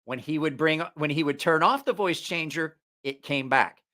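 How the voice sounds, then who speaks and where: This knife reviewer and channel host speaks with a slight Southeast Ohio accent, running a laid-back livestream on a studio mic with headphones on. His voice sits on the high side, bright and forceful, at a moderate pace. Chatty and rambling, he keeps stopping to correct himself.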